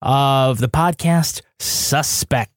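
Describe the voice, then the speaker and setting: A man's voice: mid-range voice, very slow, no echo, clean studio sound. A man co-hosting a podcast, playful and teasing in casual chat. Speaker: podcast co-host.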